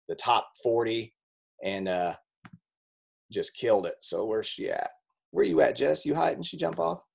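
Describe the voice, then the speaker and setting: Male team leader, casual motivational chat, upbeat and encouraging, mid-pitched. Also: gravelly, darkish tone, breathy edge. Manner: upbeat, encouraging, frequent restarts. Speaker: team leader hosting a group call.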